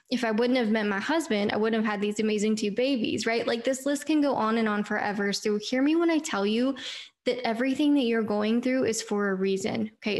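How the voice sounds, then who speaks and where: A woman in her thirties hosting a faith podcast, telling personal stories in an earnest, chatty way and talking straight to her listeners. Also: a little high. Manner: earnest, chatty, addresses listeners as "you guys". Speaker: podcast host.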